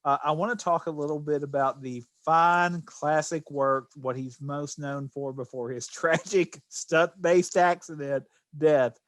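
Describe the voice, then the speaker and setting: A man co-hosting a podcast, chatting casually about movies, quick to jump in. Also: a little high, fairly even intonation, fairly bright tone, no echo. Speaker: podcast co-host.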